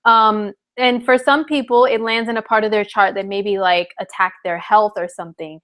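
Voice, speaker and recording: A woman's voice: mid-range voice, fairly even intonation, normal speed, a bit bright. Chatty woman astrologer on a livestream. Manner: chatty, candid, many fillers. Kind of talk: live-streamed astrology forecast.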